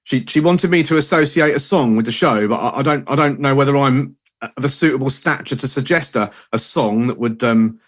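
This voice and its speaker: A man's voice: mid-range voice, fairly quick. A man co-hosting a podcast in casual chat, talking hesitantly with apologies and many restarts. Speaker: podcast co-host.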